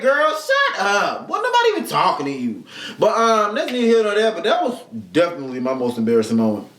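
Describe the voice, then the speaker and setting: A man hosting his own podcast tells a story in loose, comic, profane talk, jumping into the voices of the people in it. His pitch swings widely from line to line. The recording sounds roomy and echoey. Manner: animated, profane, acts out quoted people. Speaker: podcast host. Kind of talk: casual comedic storytelling. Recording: roomy echo.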